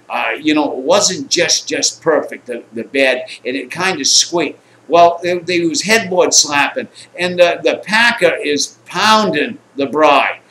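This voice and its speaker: A man's voice: fairly high pitch, a little hiss or hum. A man telling a rambling, profane personal anecdote, acting out the people in it. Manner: rambling, coarse, animated quotes. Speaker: storyteller. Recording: echoey room, faint ambience.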